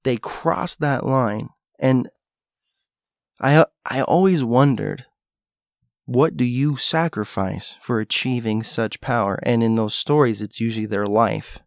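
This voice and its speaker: A man's voice: mid-range voice, takes it slowly, creaky, no echo, clean studio sound. A man talking through a rambling, musing monologue, thinking aloud with restarts and asides. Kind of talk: casual monologue.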